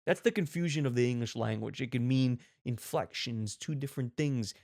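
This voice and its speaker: A man hosting a show, giving mock-serious, animated reaction commentary on videos and swearing casually. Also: medium pitch, moderate pace. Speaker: host.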